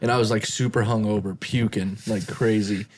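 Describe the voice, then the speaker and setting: A man's voice: lowish voice, fairly even intonation, normal speed, a little mellow. A man on a comedy podcast, telling an anecdote in an easygoing way. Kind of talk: casual conversation.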